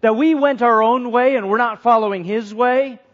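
A man's voice: extremely high pitch, normal speed. A man preaching a sermon in an earnest way, putting questions to the congregation and repeating phrases for emphasis. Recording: dull lo-fi sound.

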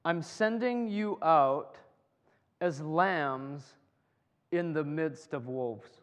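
A man preaching a sermon to a congregation in a lively, joking way, often repeating his words as he builds a point. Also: on the high side, very slow, clean tone. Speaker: pastor. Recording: long hall reverb.

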